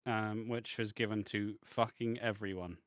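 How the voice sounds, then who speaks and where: A man's voice: on the low side, fairly even intonation, moderate pace, fairly bright tone, dry recording, clean studio sound. A man co-hosting a wrestling podcast in blunt, sardonic, profane chat. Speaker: podcast co-host. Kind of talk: casual chat.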